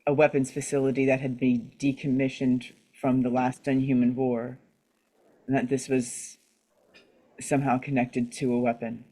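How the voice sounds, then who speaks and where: A man speaking as a player in a tabletop game, thinking aloud in a measured way. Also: medium pitch, level tone, mellow, poor audio.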